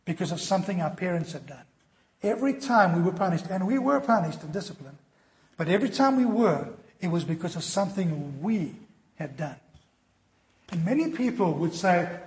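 A man with a high voice preaches to his congregation, earnest and direct. He slips into quoted voices to make his points. The sound rings with the echo of a large hall. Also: expressive, normal speed, darkish tone. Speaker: pastor. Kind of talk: sermon.

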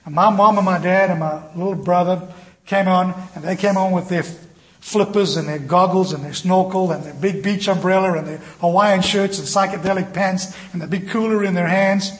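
A man preaching a sermon with impassioned storytelling, swinging from loud to quiet. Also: high voice, steady tone, normal speed. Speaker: pastor. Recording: echoey room with faint noise.

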